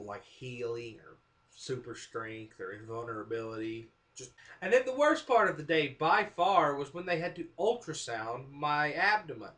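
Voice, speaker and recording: A man telling a comic personal story to the camera, self-mocking and acting out what people said. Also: fairly high pitch. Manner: animated, self-mocking, acts out quotes. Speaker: vlogger. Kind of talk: casual storytelling monologue.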